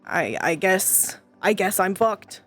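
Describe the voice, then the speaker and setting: A woman's voice: mid-range voice, sing-song, slow pace, a bit bright, faint music behind. A woman streamer venting to her chat in casual talk, frustrated, swearing often and stumbling over restarts.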